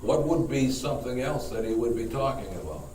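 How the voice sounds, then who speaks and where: A man, a priest, leading a Bible study class, speaking haltingly, repeating words and putting questions to the group. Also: mid-range voice, big pitch swings, a little mellow. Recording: echoey room, mic far off, faint noise.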